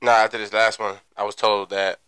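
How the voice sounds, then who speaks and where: A man of thirty-one co-hosting a podcast, tossing in quick, teasing remarks in casual chat, often quiet and low-key. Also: little pitch movement, smooth, dry recording, poor audio. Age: 30s. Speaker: podcast co-host.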